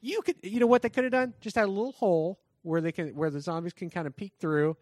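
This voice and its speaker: A man's voice: high voice, fast, darkish tone, no echo. A man co-hosting a podcast in casual chat, rambling and trailing off. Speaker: podcast co-host.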